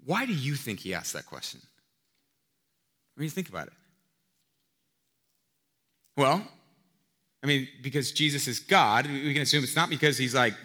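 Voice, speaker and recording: A man preaching with a bright, forceful tone, and his voice rings out with long reverb through a large hall. He talks casually and asks rhetorical questions, jumping from loud emphasis to quiet asides. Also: medium pitch, big pitch swings, moderate pace, long pauses. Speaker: pastor. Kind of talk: sermon.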